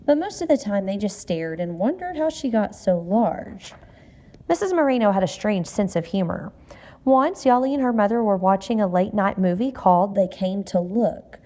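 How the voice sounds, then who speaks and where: A woman calmly narrating a short story. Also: medium pitch, moderate pace. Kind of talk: storybook reading.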